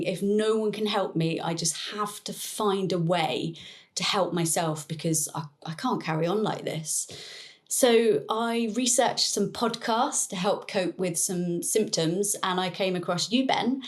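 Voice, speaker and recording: A woman guest with a somewhat low voice, talking through her personal story in an earnest, reflective way. She laughs softly now and then while she speaks. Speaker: interview guest, neuroplasticity coach. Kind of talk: personal story in a podcast interview.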